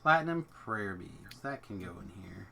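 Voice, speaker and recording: A man's voice: fairly low pitch, animated, normal speed, creaky, sharp tone, slight background noise. A man hosting a game stream from home, chatting casually and thinking aloud as he plays. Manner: rambling, thinks aloud about his setup. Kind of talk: casual chat while gaming.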